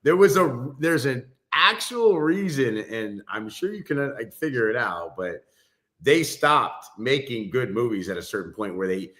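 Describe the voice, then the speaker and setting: A man's voice: medium pitch, animated, moderate pace, a bit bright. Laid-back male co-host, blunt. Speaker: podcast co-host. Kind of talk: casual chat.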